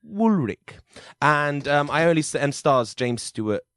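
A man hosting a comedy podcast, narrating and setting up an improvised scene in a brisk, chatty way. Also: a little high, fairly bright tone, clean tone, no room sound, clean studio sound.

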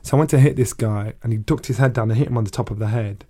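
Middle-aged English man, interview guest, lively anecdotal storyteller with a mid-range voice. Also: mid-range voice, very fast, slightly rough. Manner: animated, acts out voices of people in his stories, swears. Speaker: guest, retired boxer.

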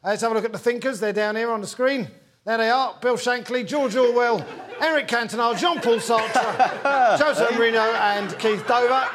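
A man's voice: very high voice, moderate pace, a crowd in the background. A man hosting a comedy football quiz before a live audience, jokey and laughing between lines. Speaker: host of a comedy football panel.

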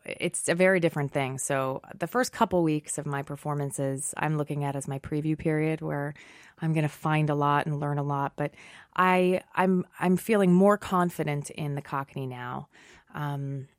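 A low-pitched woman talks in a lively, self-mocking way, laughing easily as she answers questions. The recording is close and dry, with no room around her voice. She sounds middle-aged and at ease in casual interview chat. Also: moderate pace, dry recording. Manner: animated, self-deprecating, laughs often. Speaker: guest, Broadway actress.

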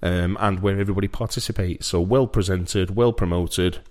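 A man with a Sheffield accent co-hosting a casual fan podcast, playful and quick to laugh. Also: deep voice, steady tone. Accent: Sheffield English. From England. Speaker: podcast co-host. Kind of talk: casual banter.

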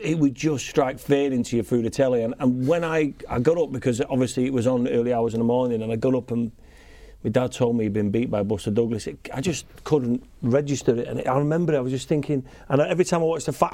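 A man's voice: mid-range voice, fast talker, dark tone, no echo. A man captaining a team on a sports quiz podcast, telling stories in a chatty, rambling way. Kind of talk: casual banter and storytelling.

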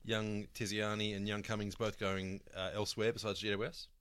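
A man's voice: fairly low pitch, flat delivery, a little fast, a bit bright, smooth, dry recording. An Australian man co-hosting a casual sports podcast, swearing freely and telling stories with laughs. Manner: swearing, laughing storyteller doing bloke impressions. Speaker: podcast co-host.

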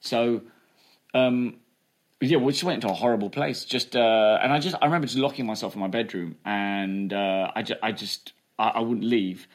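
A man, telling a candid story in an interview, talking fast and chatty, with many fillers like "right?" and "you know". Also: lowish voice. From England. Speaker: comedian guest.

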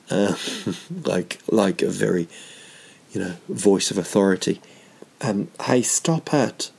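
A man's voice: on the low side, creaky, dark tone, breathy edge. A middle-aged comedian hosting his podcast alone, telling meandering, self-mocking stories that drift into tangents. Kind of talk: rambling comic storytelling monologue.

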